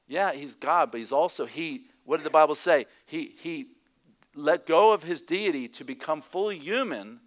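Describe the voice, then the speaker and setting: A male pastor preaching a sermon in an animated way, sometimes dropping to a hushed, near-whispered tone. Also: high voice.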